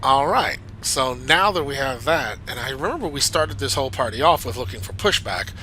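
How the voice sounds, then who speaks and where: A man's voice: mid-range voice, lively intonation, normal speed, bright, forceful tone, a little hiss or hum, rough recording. A man reviewing a flight simulator add-on in casual commentary, chatty and enthusiastic with rambling asides.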